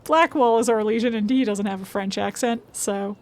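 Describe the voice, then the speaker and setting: A woman's voice: medium pitch, fairly even intonation, moderate pace, darkish tone. A woman streaming a video game, chatting casually and reading in-game notes aloud. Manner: chatty, laughs often, trails off.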